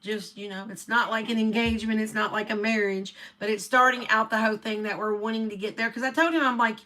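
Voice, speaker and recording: A middle-aged woman talks in a bright, fairly high voice. She chats casually, laughs often and drops to a soft tone when she reflects. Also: steady tone, fast. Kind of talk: casual chat.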